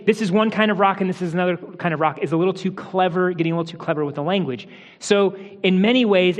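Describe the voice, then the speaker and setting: A man delivers a teaching sermon in a high, light voice. He explains carefully, restarting phrases and dropping softer for quoted words. His voice rings with the long reverb of a large hall. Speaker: pastor.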